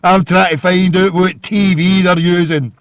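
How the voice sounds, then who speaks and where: A man's voice: sits high, fairly even intonation, measured pace, dry recording, studio quality. A Scottish man hosting a live internet radio call-in show, ranting and hurling insults in a rambling way.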